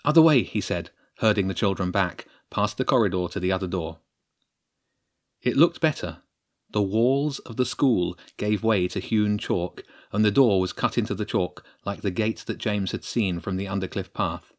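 Male narrator, low voice, expressive storybook read. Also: moderate pace.

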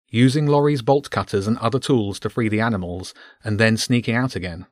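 Man, storyteller, children's book narration, mid pitch, dry close sound. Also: dry recording.

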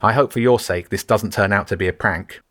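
A man voicing a grumpy, sharp-tongued older female school caretaker with a whiny, barking delivery. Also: fairly low pitch, fairly quick, no echo, clean studio sound, natural voice. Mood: dismissive. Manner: curt and dismissive. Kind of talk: audiobook character voice.

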